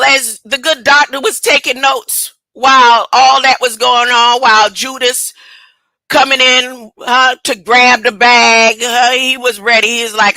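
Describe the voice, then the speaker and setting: A woman's voice: on the high side, fairly even intonation, measured pace, bright, forceful tone, no echo, poor audio. A woman preaching an informal sermon, emphatic and colloquial, full of rhetorical questions.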